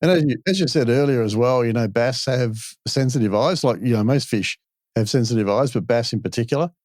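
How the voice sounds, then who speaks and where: A man's voice: mid-range voice, a little fast, a little mellow, no room sound, studio quality. An Australian man hosting a fishing podcast, explaining things patiently in a folksy, conversational way. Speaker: podcast host.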